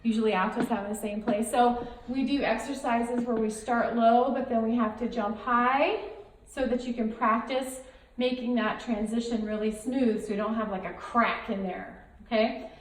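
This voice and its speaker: A young woman leading a girls' choir through warm-ups, explaining and coaching in an upbeat way. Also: fairly high pitch, fairly even intonation, moderate pace. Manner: upbeat, coaching, demonstrates by singing. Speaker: choir director. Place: large echoey room with a choir. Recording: roomy echo with choir in the background.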